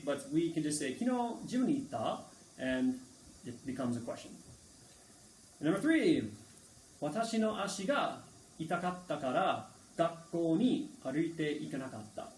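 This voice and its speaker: Guy teaching a language lesson, a bit high voice, echoey room with the mic kinda far off, says okay and uh a lot. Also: slight background noise. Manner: relaxed, repeats words and phrases slowly for learners; frequent fillers like okay and uh. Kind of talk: casual video lesson.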